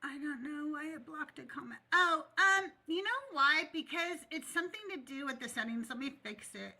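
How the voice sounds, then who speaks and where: High bright-voiced lady streamer, blunt casual chat, chewing gum while she talks. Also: animated, normal speed. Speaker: livestream host.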